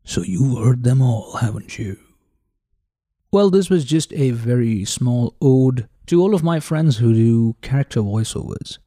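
A man hosting a podcast and testing microphones close up, with a showy manner that keeps addressing the ladies and gentlemen. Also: medium pitch, animated, a little slow, no echo. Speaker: podcast host. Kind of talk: casual microphone review talk. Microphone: handheld dynamic mic held close.

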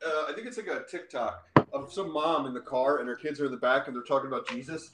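A man's voice: mid-range voice, fast talker, heavy background noise. A man chatting casually as a podcast co-host, rambling as he thinks his questions through aloud. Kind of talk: casual chat.

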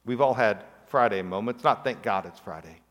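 A man's voice: fairly low pitch, moderate pace, in a large hall. A man preaching a sermon, telling a story with acted-out quotes and rhetorical questions. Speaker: pastor.

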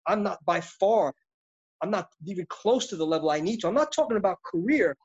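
A middle-aged actor, appearing as an interview guest, speaks with intensity and passion, rambling reflectively. His voice is high, expressive, husky and brisk. The audio is dull and lo-fi.

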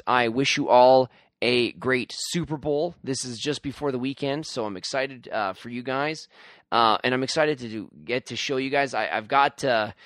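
A man's voice: medium pitch, a bit bright, no echo, clean studio sound. Tired, earnest podcast host man. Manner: earnest, rambling, heartfelt. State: tired, groggy voice. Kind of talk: solo podcast monologue.

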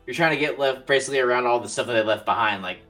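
A man narrates a tabletop game as its game master, easygoing and peppered with fillers. His pitch sits in an everyday middle range. A faint bed of music plays behind him. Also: very fast, a bit bright. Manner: casual, swears, many "like" fillers.

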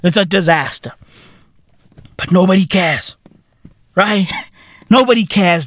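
A man in his thirties hosting a podcast, ranting loudly in a profane comedic style and peppering his lines with "right?" and "bruv". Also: high-pitched, a little slow, long pauses, no room sound. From South Africa. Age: 30s. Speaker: podcast host.

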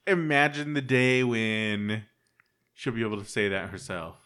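A man hosting a casual podcast chat, laughing often and asking drawn-out questions. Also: on the low side, a bit bright, clean tone. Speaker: podcast host.

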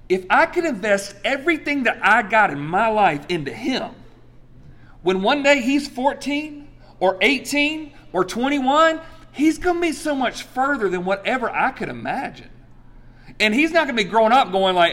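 A man in his forties preaching a sermon, telling a personal story with animated swings between loud exclamations and soft, earnest asides. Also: high voice, normal speed. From United States. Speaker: pastor.

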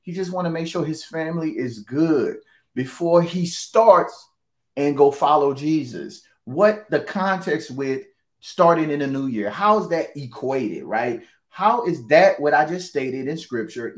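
A man's voice: on the high side, expressive, a little slow. A man preaching a conversational sermon, repeating key phrases for emphasis and reading scripture aloud.

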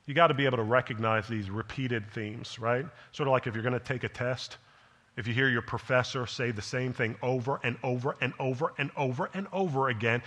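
A man's voice: medium pitch, fairly bright tone. A man, a pastor, preaching a sermon in a conversational way, tossing questions at the listeners and building to an emphatic delivery. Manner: conversational preaching with rhetorical check-ins.

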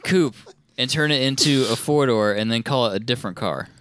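Brief: man, mid pitch, matter-of-fact skeptic co-host, dry recording. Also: a little fast, a bit bright, clear, resonant tone, no room sound. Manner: matter-of-fact, explains and objects. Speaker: podcast co-host. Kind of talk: casual chat.

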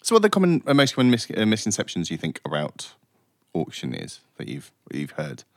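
Quick, lively podcast host. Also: male voice, sits low, no echo, studio quality. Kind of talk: casual interview chat.

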